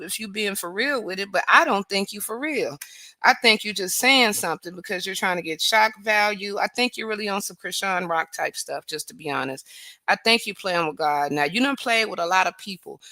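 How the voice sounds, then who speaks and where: A woman's voice: medium pitch, bright, forceful tone, no echo. A woman hosting a casual livestream, greeting viewers by name and praising God often. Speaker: livestream host.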